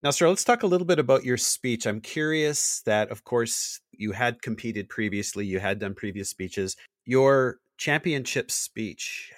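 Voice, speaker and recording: A man's voice: medium pitch, no room sound, clean studio sound. A man hosting a podcast who asks curious, chatty questions and laughs easily. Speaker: podcast host. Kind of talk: interview questions.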